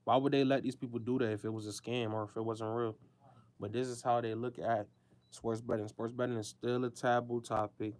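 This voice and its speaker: Male host, casual monologue, mid-pitched, emphatic and slangy, repeats himself. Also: flat delivery, brisk, a little mellow.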